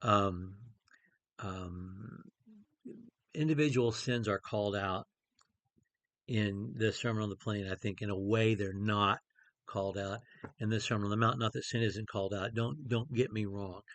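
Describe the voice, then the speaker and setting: A man's voice: on the low side, a little slow, long pauses, no room sound. A middle-aged man preaching in a conversational way, with many fillers and restarts as he teaches a Bible passage. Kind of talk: informal Bible study talk.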